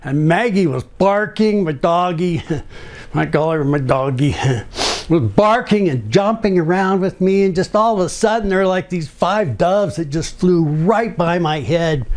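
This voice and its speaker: A man tells his own story of faith in a personal testimony talk. He speaks earnestly and rambles, restarting sentences often, in a voice that sits somewhat high for a man. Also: unhurried, a little mellow. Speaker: ministry speaker sharing testimony.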